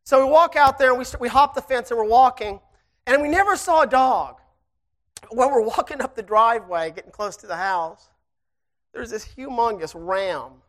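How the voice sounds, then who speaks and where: A preacher telling a personal story to the church in a folksy, animated way and then preaching fervently. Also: medium pitch, normal speed.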